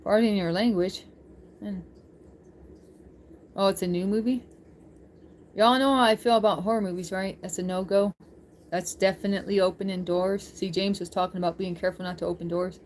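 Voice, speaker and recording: A woman talks casually to her stream chat at an ordinary mid pitch, laughing now and then as she answers viewers. A faint hiss of noise sits under her voice. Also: fairly even intonation, normal speed, pauses often, a little mellow. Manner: chatty, laughs often, reads chat aloud. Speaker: livestreamer chatting with viewers.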